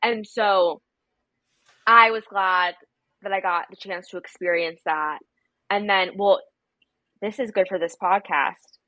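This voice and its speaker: A young woman from America, a podcast guest, telling stories in casual chat and acting out quotes in animated voices. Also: medium pitch, takes it slowly, pauses often, dry recording. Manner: chatty storyteller, acts out quotes in animated voices.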